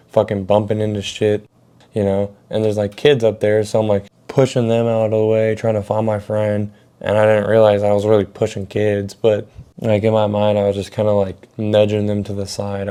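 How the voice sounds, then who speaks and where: A young storytelling vlogger tells a story casually in a smooth, warm voice on the low side. His telling rambles, full of swearing and filler words.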